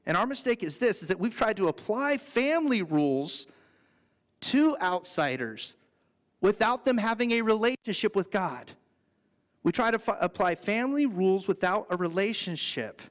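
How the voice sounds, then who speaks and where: A man's voice: high voice, big pitch swings, moderate pace. A man, the pastor, preaching a sermon in an earnest, conversational way with playful asides. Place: church sanctuary. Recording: long reverb in a church hall.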